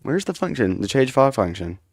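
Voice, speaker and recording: A man's voice: medium pitch, very animated, a little fast, darkish tone, breathy edge, dry recording, studio quality. A man casually talking through his game code, joking and swearing as he debugs. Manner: casual, swears, jokey asides. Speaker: game developer. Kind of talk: casual commentary while coding.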